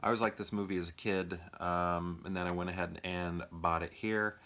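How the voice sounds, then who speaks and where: A man's voice: sits low, fairly even intonation, normal speed, sharp tone, a little hiss or hum. A young man chatting casually and off the cuff about films from his collection, rambling with lots of fillers and restarts. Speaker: movie reviewer. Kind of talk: impromptu casual movie chat.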